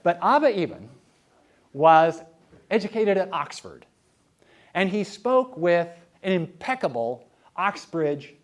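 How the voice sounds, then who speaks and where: A male historian giving a public lecture before an audience, conversational and wry as he tells anecdotes. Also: high-pitched. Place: talk before a live audience.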